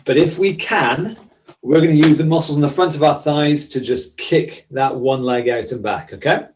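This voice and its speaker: A man leads a seated workout with a friendly, encouraging manner, giving clear step-by-step cues. His voice sits a bit high for a man. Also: normal speed, low-quality recording. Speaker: exercise instructor. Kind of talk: leading a seated workout class.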